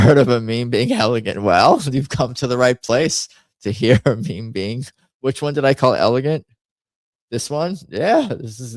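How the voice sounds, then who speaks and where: Low-ish guy hosting a chill stream, going through memes, trips over his words, dry close sound. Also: a little mellow, no echo. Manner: rambling, self-interrupting, wry asides. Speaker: host. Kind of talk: casual livestream chat reviewing memes.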